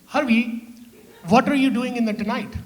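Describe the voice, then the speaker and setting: A man's voice: very high-pitched, steady tone, long reverb tail, noisy background. A man playing a chatty Punjabi immigrant mother with a Punjabi accent, in stand-up, speaking broken English and piling up "okay" before hanging up. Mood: sweet. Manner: repeats "okay" in quick bursts, broken English. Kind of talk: stand-up impression.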